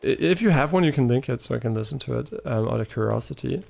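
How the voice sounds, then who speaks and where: A man's voice: mid-range voice, animated, quick pace, gravelly, a little mellow. A man live-streaming a game, chatting casually with his viewers in a rambling, talkative way and swearing now and then. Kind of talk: casual live-stream chat while gaming.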